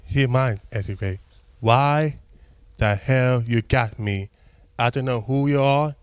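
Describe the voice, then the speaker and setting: A man cutting an in-character wrestling promo, gruff and confrontational. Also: medium pitch, takes it slowly.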